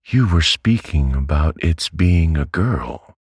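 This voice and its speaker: A man's voice: extremely low pitch, lively intonation, slow pace, a little mellow, slightly rough, dry recording, clean studio sound, voice pushed up, heavily acted. A man voicing a domineering elderly aunt in a storybook reading. She speaks in curt, commanding, impatient sentences. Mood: stern. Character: stern, brisk elderly aunt, domineering and abrupt.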